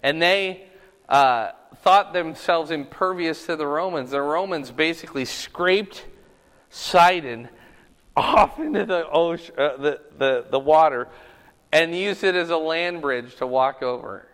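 A man's voice: fairly high pitch, measured pace, a bit bright, clean tone, long reverb tail. A man teaching a Bible study in a conversational, sermon-like way, moving between casual asides and earnest, emphatic preaching.

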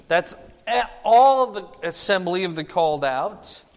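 A man's voice: high-pitched, expressive, unhurried. Emphatic man teaching in a reverberant hall. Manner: emphatic, repeats key words and checks in with "okay?". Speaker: Bible teacher. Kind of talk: Bible study teaching.

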